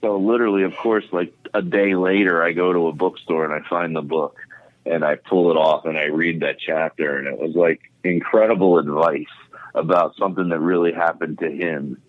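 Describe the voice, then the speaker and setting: Give me a low-voiced male comedian rambling through a story, heard over a tinny phone line. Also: normal speed, no room sound. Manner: animated, profane storyteller with many fillers. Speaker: comedian guest. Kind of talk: casual storytelling chat. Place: home podcast setup.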